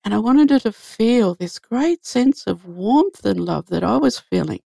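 A woman's voice: mid-range voice, lively intonation, a little slow, gravelly, mellow, dry recording, clean studio sound. A woman guest telling an earnest spiritual story in an easy conversational way. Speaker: guest sharing a faith story.

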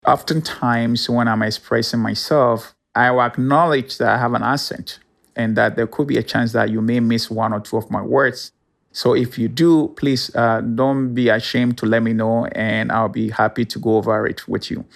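A man with a Ghanaian accent, a motivational speaker talking slowly and earnestly in an interview. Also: medium pitch, fairly even intonation, vocal fry. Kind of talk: interview talk.

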